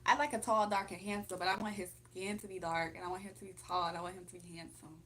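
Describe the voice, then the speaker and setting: A woman's voice: on the low side, fairly even intonation, quick pace, fairly bright tone, a little hiss or hum. A young woman hosting a casual livestream from home, chatting, laughing often and reading comments aloud. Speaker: livestream host.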